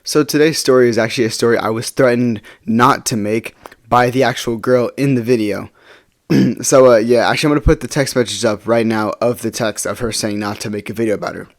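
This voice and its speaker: A man's voice: medium pitch, fairly even intonation, brisk. A teenage boy telling a personal story in a casual, rambling way, swearing freely and restarting his sentences. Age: teens.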